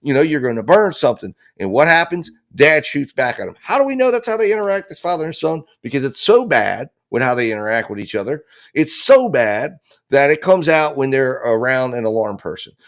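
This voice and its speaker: A man holds forth on a live stream, arguing his theory of the case with real heat. He keeps to a middle pitch, and his voice jumps up when he acts out what the people involved might have said. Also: sing-song, brisk, fairly bright tone. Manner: impassioned, theorizing, acts out quoted lines. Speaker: true-crime trial commentator.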